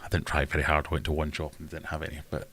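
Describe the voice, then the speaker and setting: Low-voiced rambling man. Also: completely flat delivery, quick pace, fairly bright tone, a little hiss or hum. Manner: rambling, self-deprecating, chatty. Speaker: live stream host. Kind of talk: casual live stream chat.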